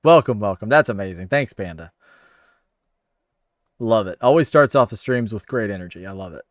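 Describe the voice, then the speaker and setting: A man's voice: on the low side, expressive, normal speed, no room sound, studio quality. Upbeat man hosting a livestream. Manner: upbeat, friendly, thanks viewers by name. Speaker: livestream host. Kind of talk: casual chat reading viewer comments.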